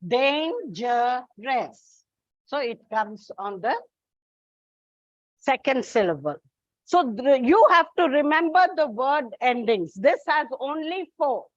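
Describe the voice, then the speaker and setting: A woman's voice: high voice, very animated, unhurried, dry recording, dull audio. A woman teaching English word stress, spelling out endings letter by letter and repeating each example word. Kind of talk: classroom lesson on word stress.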